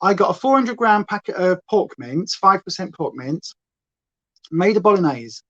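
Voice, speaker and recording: A woman's voice: lowish voice, lively intonation, normal speed. A woman hosting a chatty makeup livestream, rambling playfully and reading chat aloud. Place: at home. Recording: slightly dull lo-fi sound.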